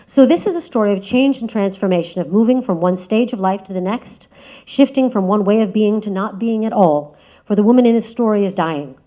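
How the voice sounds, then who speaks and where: A woman delivers a prepared talk as a guest speaker, her pitch sitting in a middle range. She speaks in a measured, reflective way, often letting phrases fall softer at their ends. The recording sounds a little dull and lo-fi. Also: lively intonation. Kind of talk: prepared spoken essay. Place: lecture room. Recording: slightly dull lo-fi audio.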